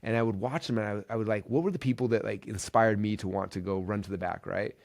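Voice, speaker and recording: A podcast host with a gravelly, lowish voice talks fast, telling stories in a casual, energetic and enthusiastic monologue packed with fillers like "like" and "right".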